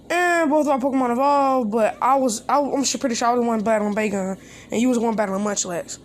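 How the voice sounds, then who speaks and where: A woman's voice: on the high side, fast. Woman rambling through a fan story. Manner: rambling, with restarts and quoted dialogue. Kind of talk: improvised retelling of a fan story.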